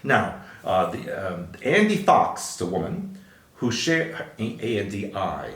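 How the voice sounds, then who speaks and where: A lower-pitched man with a lively, up-and-down delivery, co-hosting a news podcast from a roomy space with a noticeable echo. He reads headlines aloud and breaks in with wry asides. The tone stays casual and chatty. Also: measured pace, slight background noise. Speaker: podcast co-host.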